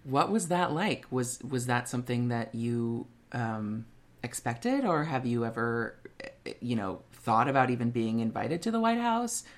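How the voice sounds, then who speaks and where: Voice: mid-range voice, very animated, measured pace. Rambling casual podcast host voice. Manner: rambling questions with fillers. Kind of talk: casual interview chat.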